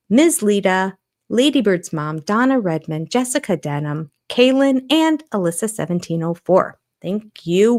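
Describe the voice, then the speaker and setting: An older woman hosting a casual livestream, chatting and reacting aloud as she reads viewer comments and a list of supporters' names. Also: mid-range voice. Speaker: channel host.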